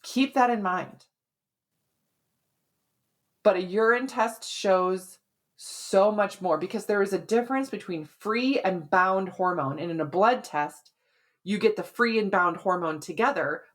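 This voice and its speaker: Woman hosting a health podcast, chatty and explainy, keeps saying "right?", medium pitch. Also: a little slow. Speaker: podcast host, women's hormone health expert.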